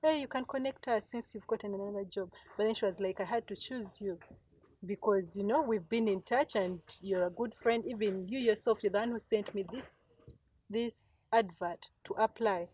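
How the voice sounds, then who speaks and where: A woman's voice: mid-range voice, moderate pace, a little mellow. A woman co-hosting a casual panel chat, speaking reflectively and often repeating herself. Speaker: podcast co-host. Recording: slightly distant mic, faint noise.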